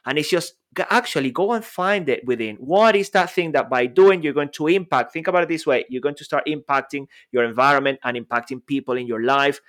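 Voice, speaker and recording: A man with a somewhat high voice co-hosts a relaxed podcast conversation. He talks with eager emphasis and leans on rhetorical questions to drive his points. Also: a little fast, few pauses. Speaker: podcast co-host.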